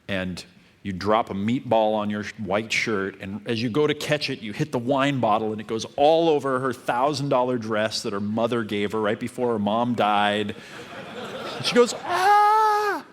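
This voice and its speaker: Calm, low-voiced male dating coach. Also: moderate pace. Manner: calm, repetitive advice-giving. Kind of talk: coaching talk.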